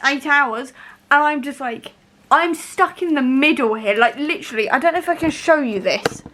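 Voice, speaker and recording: Excitable high-voiced woman vlogger. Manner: excitable, rambling, many fillers. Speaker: book vlogger. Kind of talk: casual reading vlog. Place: at home. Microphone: camera mic.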